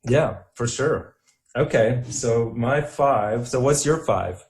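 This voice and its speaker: A man's voice: medium pitch, slow pace. Easygoing young man chatting about films. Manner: easygoing, laughs often, many fillers. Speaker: podcast co-host. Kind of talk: casual chat.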